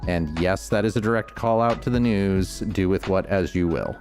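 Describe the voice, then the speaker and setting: A streamer with a Northeastern US accent chats casually while playing a game, his deep, darkish voice moving at a normal speed. He talks in a rambling, thoughtful way with lots of restarts, and soft music plays in the background.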